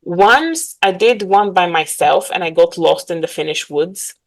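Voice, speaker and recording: A woman's voice: lowish voice, unhurried, rough recording. A woman from Bulgaria, a guest in a casual interview, talking animatedly with many fillers and frequent laughs.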